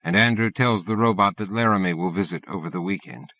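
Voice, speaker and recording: A man reading an audiobook in a steady, measured narration. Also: deep voice, dry recording. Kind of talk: scripted narration. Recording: dull dry cassette-era audiobook recording.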